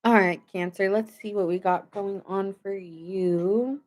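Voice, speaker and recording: A woman's voice: mid-range voice, fairly even intonation, unhurried, darkish tone. Chatty woman reading tarot live. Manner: chatty, rambling, reads chat aloud. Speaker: tarot reader.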